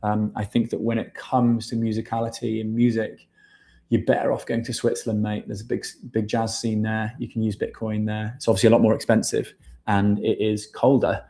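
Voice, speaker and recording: Low, flat-voiced man chatting. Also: fairly quick, gravelly. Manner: relaxed, chatty, addresses viewers as mate. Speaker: livestream host. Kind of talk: casual livestream chat reading viewer questions.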